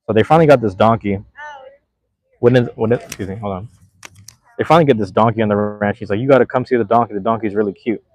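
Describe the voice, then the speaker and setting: A man with a low voice chats his way through a comedy show recap in a loose, slangy style, with plenty of fillers and restarts. The sound is dry and close, with almost no room around it. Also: darkish tone, no echo, rough recording. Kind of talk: casual rambling recap. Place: outdoors near a playground.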